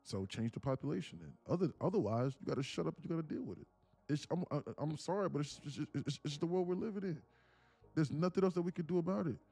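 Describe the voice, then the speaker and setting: Husky, animated streamer man. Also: on the high side, fast. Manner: rambling, joking, laughs often. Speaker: day trading livestreamer. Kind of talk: casual livestream rant.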